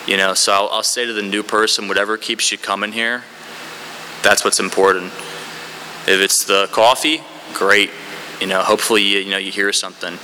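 A man's voice: on the low side, level tone, normal speed, sharp tone, slight background noise. A man speaking at a recovery meeting, sharing his story in a candid, rambling way with many fillers. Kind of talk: candid personal share.

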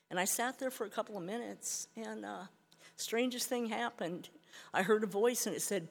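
An older woman telling her recovery story as a candid, self-mocking personal testimony, swinging from hushed to loud. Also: medium pitch, brisk, creaky. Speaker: speaker sharing recovery story. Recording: hall reverb.

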